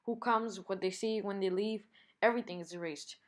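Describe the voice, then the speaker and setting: A woman's voice: mid-range voice, fairly quick, natural voice. A stern, commanding female warrior hero from a comic book, firm and lecturing, as a woman reads her lines aloud. She presses her point without letting up.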